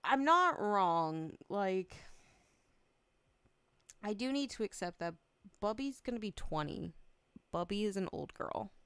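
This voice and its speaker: A woman's voice: mid-range voice, very animated, takes it slowly, pauses often, fairly bright tone, clear, resonant tone, no room sound. A woman streamer chatting casually on a livestream, emotional and close to tears, laughing often and swearing freely. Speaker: VTuber streamer.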